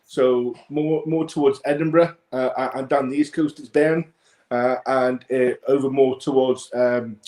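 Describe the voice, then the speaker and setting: A man's voice: medium pitch, fairly even intonation, unhurried, warm tone. A man hosting a casual chat, rambling with many restarts. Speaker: host. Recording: echoey room.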